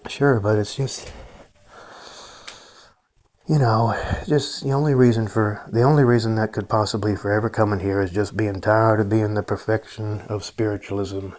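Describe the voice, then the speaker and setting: A man's voice: on the low side, fairly even intonation, normal speed, a little mellow. A middle-aged man talking to his camera, rambling and swearing in a frustrated, casual monologue full of "you know" and "man". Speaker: vlogger.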